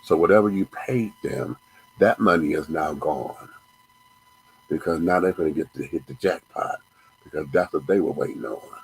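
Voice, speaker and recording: With a rumbling low, creaky and husky voice, a man hosting a show rages on at a moderate pace, cursing and repeating himself. The recording is of low quality.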